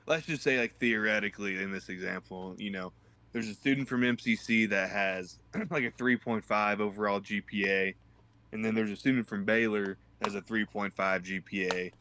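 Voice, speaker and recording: A young man co-hosting a podcast, telling stories in a halting, laid-back way. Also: fairly low pitch, steady tone, pushed and bright. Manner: halting, restarts often, laid-back storytelling. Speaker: podcast co-host. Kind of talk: casual chat.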